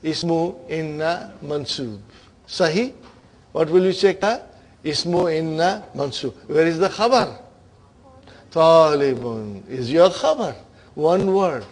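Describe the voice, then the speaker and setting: Taking it slowly, a man with a slightly high voice walks a class through Arabic grammar. He calls his students brothers and sisters and patiently checks they're following, often asking "okay?" and "huh?".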